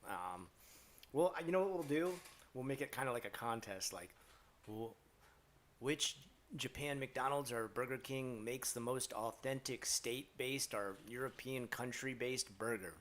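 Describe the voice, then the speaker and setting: A man's voice: medium pitch, unhurried, fairly bright tone, slight background noise. A man live streaming from home, chatting loosely with his viewers. He rambles and jokes, filling gaps with ums and likes as he replies to messages. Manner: rambling, joking, many fillers, reads chat aloud. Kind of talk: casual live stream chat.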